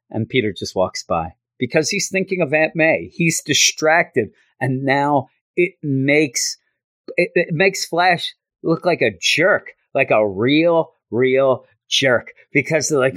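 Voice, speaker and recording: A man hosts a podcast where he casually recaps a comic, delivering it in an animated way and dropping into quick high-pitched character voices. There's no room sound.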